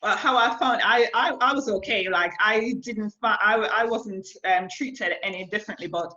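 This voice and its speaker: A woman's voice: mid-range voice, moderate pace, bright, forceful tone, muffled recording. A woman telling a personal story as an interview guest, chatty and casual, full of fillers. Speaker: guest, air force corporal.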